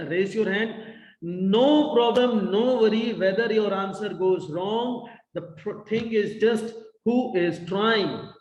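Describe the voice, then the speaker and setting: Male English teacher, high pitch, encouraging and repetitive, recorded in a roomy echoing space. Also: a little mellow. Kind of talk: online class teaching. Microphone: video call. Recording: echoey room with long reverb.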